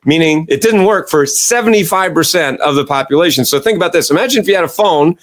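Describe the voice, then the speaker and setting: A man being interviewed as an executive coach, explaining his ideas in an animated, storytelling way and often tagging his sentences with "right?" and "you know". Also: fast. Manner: animated storyteller, acts out quoted audiences with a raised pitch.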